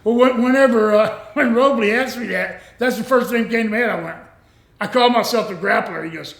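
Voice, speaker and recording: A man's voice: high voice, fairly quick, gravelly, a bit bright. A man in his sixties, a former pro wrestler, telling rambling stories in a casual interview and acting out other people's lines. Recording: echoey room.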